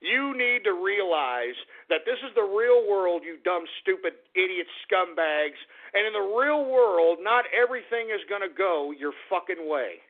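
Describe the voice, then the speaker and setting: A man hosting an internet radio show, ranting abrasively and boastfully, cursing and insulting his listeners, sliding from low grumbling to shouting. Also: animated, a little slow. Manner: boastful, profane, repeats pet phrases. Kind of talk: ranting call-in radio monologue. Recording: narrow phone-like audio.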